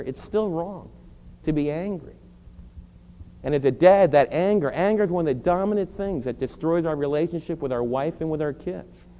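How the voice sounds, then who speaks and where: Earnest middle-aged preacher, mellow, hall reverb. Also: male voice, on the high side, muffled recording. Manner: earnest, emphatic preaching with confessional asides. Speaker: pastor. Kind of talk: sermon. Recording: long hall reverb, faint hum.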